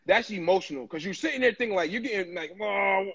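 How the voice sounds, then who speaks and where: High-voiced, husky animated man. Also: fast talker, highs cut off. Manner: animated, emphatic, swears freely. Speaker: podcast co-host. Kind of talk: casual chat.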